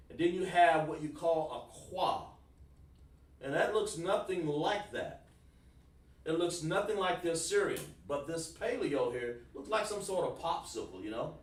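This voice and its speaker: Male teacher, informal, repeats himself; echoey room, mic at a distance. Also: a little high. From South Carolina, USA. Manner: informal, repeats words, talks to students by name. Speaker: Hebrew class teacher. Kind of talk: online class lesson.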